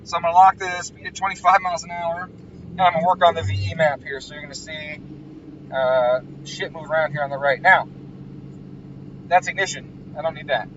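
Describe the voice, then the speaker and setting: A man's voice: fairly high pitch, fairly even intonation, brisk, recorded from a distance, muffled recording, background noise. A man who tunes engines talks casually and bluntly, swearing freely as he rants and explains his work. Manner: profane, ranting, blunt. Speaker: engine tuner. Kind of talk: casual explanatory vlog talk.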